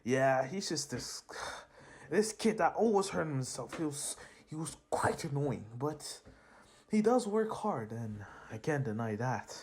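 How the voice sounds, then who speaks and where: A man's voice: a little high, sing-song, measured pace, a little mellow, breathy edge, full character voice. A young man voicing a weary elderly woman school nurse, with sighs and an offhand delivery. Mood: grudging.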